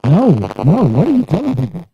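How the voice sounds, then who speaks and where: A man, the host's nephew, bantering on a cooking show and defending himself in a playful, halting way. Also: high voice, big pitch swings, creaky, no echo, muffled recording. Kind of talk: casual banter.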